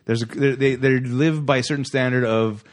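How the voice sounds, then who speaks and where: A man's voice: medium pitch, fairly even intonation, normal speed. An eager man talking movies with friends on a podcast. He laughs easily, trips over his words and starts sentences again. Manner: enthusiastic, laughs often, restarts. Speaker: podcast co-host. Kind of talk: casual movie discussion.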